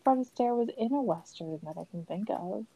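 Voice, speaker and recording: A woman's voice: mid-range voice, brisk, creaky, husky, rough recording. A woman in her thirties, a podcast host in casual chat, telling stories with lots of laughter and acted-out quotes. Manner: animated storyteller, laughs often, acts out quotes.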